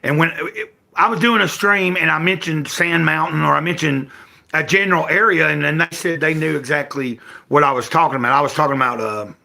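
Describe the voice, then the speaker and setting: Speaking briskly in a fairly high, creaky, sharp voice, this older Southern man from Tennessee casually rambles to his livestream viewers from home. His manner is folksy, and he keeps correcting himself.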